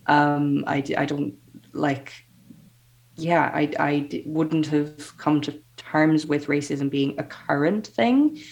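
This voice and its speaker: A woman in her thirties chatting casually on a podcast, hesitant and halting. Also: low voice, creaky, darkish tone, low-quality recording. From Ireland. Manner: hesitant, halting, restarts sentences. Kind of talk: casual chat.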